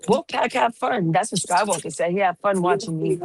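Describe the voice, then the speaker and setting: A slightly hoarse woman chatting casually as a call-in panelist, teasing playfully as she tells stories. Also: mid-range voice, a little fast, a little mellow, slight background noise. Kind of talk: casual chat.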